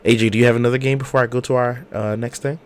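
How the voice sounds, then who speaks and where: A hoarse man, an animated, slangy podcast co-host telling a story over a video call. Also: medium pitch, rapid-fire, slight background noise. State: hoarse from a cold. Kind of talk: casual chat.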